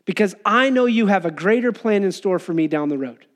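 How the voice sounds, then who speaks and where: High-voiced man preaching a sermon. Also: expressive, a little fast, fairly bright tone. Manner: earnest, conversational preaching with acted-out quotes. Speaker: pastor.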